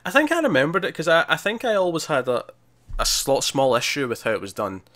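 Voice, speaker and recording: A man's voice: fairly high pitch, expressive, quick pace, fairly bright tone. Chatty man discussing a movie. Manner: chatty, laughs often, frequent restarts. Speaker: podcast co-host.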